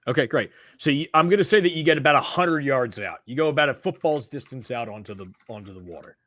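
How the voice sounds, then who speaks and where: A man acts as game master of a tabletop game, narrating in a loose, chatty way full of fillers. His voice sits at an ordinary middle pitch. The sound is close and dry. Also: expressive, fast, fairly bright tone, dry recording.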